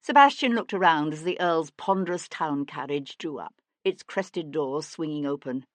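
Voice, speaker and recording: Low-voiced woman narrating an audiobook. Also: animated, moderate pace, no echo. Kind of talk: scripted narration.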